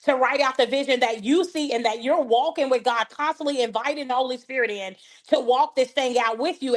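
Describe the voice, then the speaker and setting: A woman guest on a podcast, a life coach telling faith-filled stories and acting out the people in them. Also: sits high. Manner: animated, acts out dialogue in her stories. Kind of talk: faith-based conversational storytelling.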